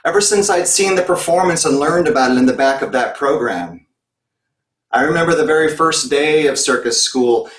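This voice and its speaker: A man giving a talk as a circus performer, telling his personal story in an earnest, reflective way. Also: fairly high pitch. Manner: earnest, reflective, with occasional restarts. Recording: echoey room, distant mic.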